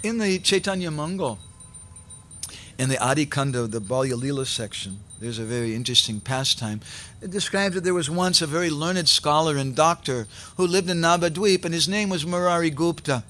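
A man preaching, telling a sacred story in an animated way and acting out its characters. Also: fairly high pitch, moderate pace. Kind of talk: sermon storytelling.

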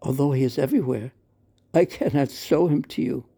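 A man's voice: medium pitch, fairly quick, vocal fry, dark tone, slightly rough, voice pushed up. A man voicing a loving mother who patiently explains and soothes her child. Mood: gentle.

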